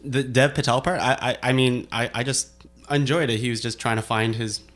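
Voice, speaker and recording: A man hosting a casual podcast chat, easygoing and quick to laugh as he steers the talk along. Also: mid-range voice, fairly even intonation, a bit bright, soft background music. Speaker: podcast host.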